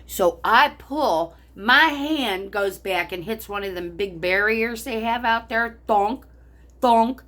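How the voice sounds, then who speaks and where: A woman's voice: medium pitch, slow pace, hardly any pauses, pushed and bright. An older woman vlogger telling a story angrily, in a heated, profane rant. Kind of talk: angry personal storytelling.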